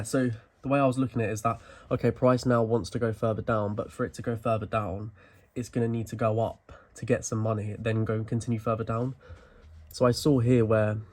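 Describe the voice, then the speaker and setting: A man's voice: fairly low pitch, darkish tone. Breathless young man rambling about trades. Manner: rambling, filler-heavy, self-deprecating. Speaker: forex trading vlogger. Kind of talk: casual screen-share walkthrough.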